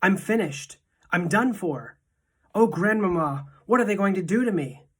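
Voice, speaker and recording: A woman's voice: medium pitch, expressive, normal speed, slightly rough, voice pushed up. A woman voicing a frightened young boy who pleads in panic. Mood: despairing.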